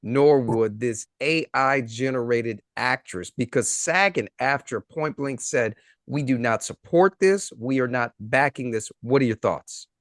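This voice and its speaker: A man's voice: mid-range voice, a little slow, few pauses, a bit bright, no room sound, clean studio sound. A man hosting a casual interview, responding in an enthusiastic, affirming way. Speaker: host.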